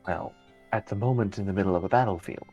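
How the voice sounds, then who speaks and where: A man voicing a calm, knowing female fey being in a tabletop game, speaking slowly and in a measured way. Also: fairly low pitch, lo-fi sound, faint music behind, lightly acted.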